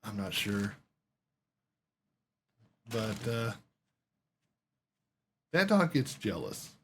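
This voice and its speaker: A man's voice: lowish voice, big pitch swings, drawn-out words, slight background noise. Rambling, swearing man telling a story. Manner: rambling, swears a lot, acts out quotes. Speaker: gaming streamer. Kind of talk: casual storytelling while playing a game.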